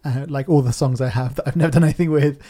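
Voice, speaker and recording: A man's voice: medium pitch, fast, dark tone, no room sound. A man co-hosting a casual podcast chat, rambling, correcting himself and laughing often. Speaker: podcast co-host, musician.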